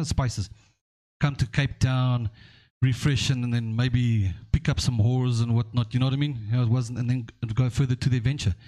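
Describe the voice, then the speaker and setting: A podcast host with an average-pitched voice. He talks at length in a loose, rambling way, often checking in with his listeners. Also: mellow. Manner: rambling, storytelling, checking in with "okay?". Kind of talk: casual podcast discussion.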